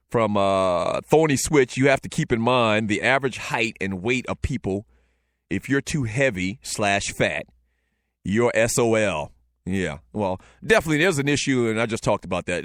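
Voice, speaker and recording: A man in his forties with a Southern Lowcountry accent, hosting a casual talk show, telling stories loosely and joking with the chat. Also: fairly bright tone, dry recording, clean studio sound. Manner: loose, joking, storytelling with frequent fillers. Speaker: show host.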